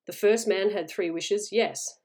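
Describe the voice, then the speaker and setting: A woman's voice: medium pitch, unhurried, darkish tone, natural voice. A woman voicing a grave, haunted older male soldier who speaks with serious warning.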